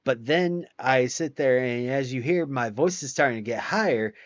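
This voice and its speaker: A man's voice: medium pitch, moderate pace, no room sound. Male streamer, Southern drawl, playful and rambling, muffled dry home mic. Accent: Southern US, drawl slipping in. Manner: playful, bursts into meme lines and vocal stims. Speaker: streamer hosting a bedtime chat. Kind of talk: casual late-night live chat.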